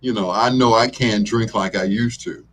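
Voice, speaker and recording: A man's voice: lowish voice, moderate pace, a bit bright, faint music behind. A middle-aged man hosting a talk show, rambling in a laid-back way and chuckling often as he chats. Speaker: radio show host. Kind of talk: casual talk show chat.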